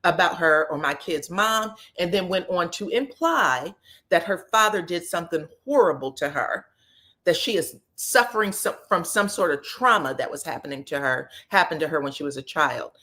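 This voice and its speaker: A woman's voice: lowish voice, expressive, moderate pace, pushed and bright. A woman talking bluntly and with sass in a casual recap, dropping in quoted lines in shifted voices. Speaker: recap commentator.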